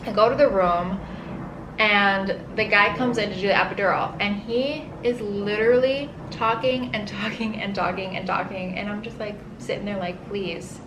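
Animated woman telling a story, roomy. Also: medium pitch, moderate pace. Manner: animated, dramatic, says "like" often. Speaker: vlogger telling her birth story. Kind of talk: casual storytelling. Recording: roomy echo with faint ambient hiss.

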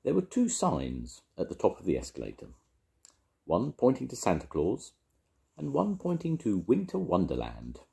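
An older man reading a children's picture book aloud to his grandchildren, lively and expressive. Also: low-pitched, normal speed, vocal fry. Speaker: storytelling grandfather.

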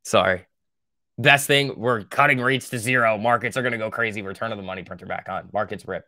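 A man's voice: fairly low pitch, a little fast, sharp tone. A young man hosting a trading livestream, answering viewer questions in a rambling, profane, joking way. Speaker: stock trading livestream host.

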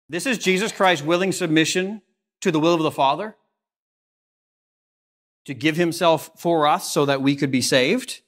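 A man's voice: normal speed, pauses often. Earnest Canadian man preaching a sermon. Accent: Canadian English. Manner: earnest preaching, rising on questions and dropping low and soft on solemn lines. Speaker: pastor. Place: church sanctuary.

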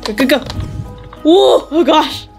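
A woman with a high, bright voice gives gameplay commentary. She is excitable and squeals and laughs often, with faint music playing behind her. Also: slow, creaky. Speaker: gamer.

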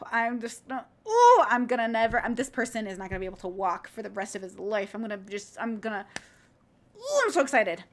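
A woman livestreaming casually, reacting to clips and chatting with viewers in an excitable, profane, rambling way. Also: medium pitch, fast. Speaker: streamer reacting to video clips.

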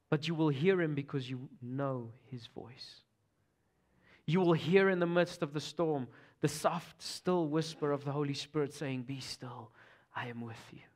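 High-voiced South African pastor preaching. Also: male voice. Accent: Afrikaans South African. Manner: swings from loud urgent preaching to hushed near-whispers. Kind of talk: sermon.

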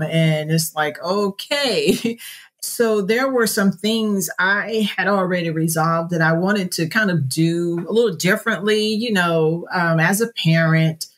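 Middle-aged woman guest, low voice, chatty storyteller with frequent laughs. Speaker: podcast guest. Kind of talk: conversational interview.

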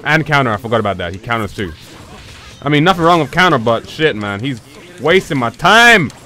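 A man giving casual, profane commentary over his own fighting game match, muttering and breaking into sudden shouts. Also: medium pitch, expressive, quick pace, music in the background. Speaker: gameplay commentator. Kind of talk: casual live gameplay commentary.

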